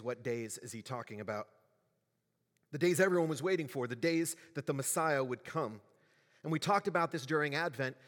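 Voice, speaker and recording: A male pastor delivers a sermon at a middle pitch, talking to the congregation in a conversational way and asking them questions. His voice rings with the long reverb of a large church hall. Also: a bit bright.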